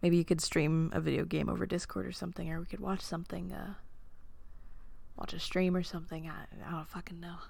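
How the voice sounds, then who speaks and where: A woman in a whispered role-play, talking softly and intimately, giving commands and then turning tender. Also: lowish voice, level tone, a little fast, vocal fry, no room sound. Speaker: dominant partner in an audio role-play.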